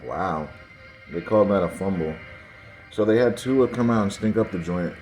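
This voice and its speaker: A man's voice: low-pitched, moderate pace, a little mellow, faint music behind, low-quality recording. A man hosting his own sports video, talking casually over game footage in a dismissive, conspiratorial way, speaking straight to his viewers.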